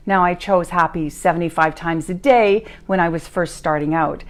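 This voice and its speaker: A woman's voice: lowish voice, expressive, a little slow. A woman hosting a motivational live stream who tells personal stories and repeats her key phrases for emphasis. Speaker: podcast host and life coach. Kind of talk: motivational talk, storytelling. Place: live stream recorded at home.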